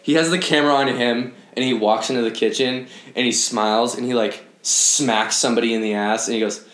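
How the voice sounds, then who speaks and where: A man's voice: medium pitch, fairly even intonation, a little fast, a bit bright. A young man co-hosting a podcast, hesitant and rambling, full of fillers in casual chat. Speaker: podcast co-host. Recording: roomy echo.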